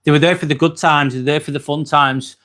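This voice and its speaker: An Englishman hosts a laid-back live stream from his phone, voice sitting a little high for a man. He rambles comfortably, filling pauses with ums. He reads out viewer messages and answers them with the odd casual curse. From England. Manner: chatty and relaxed, with frequent ums and casual swearing.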